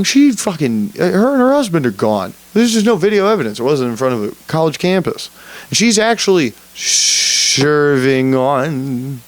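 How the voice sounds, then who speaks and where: A young man hosting a solo podcast, rambling profanely in a casual rant, often laughing at himself. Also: mid-range voice. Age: young adult. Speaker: podcast host.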